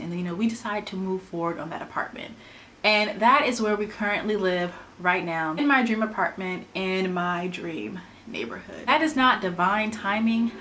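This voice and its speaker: A woman vlogger casually retelling a personal story in an animated, chatty way, often saying "like". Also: mid-range voice, a little hiss or hum.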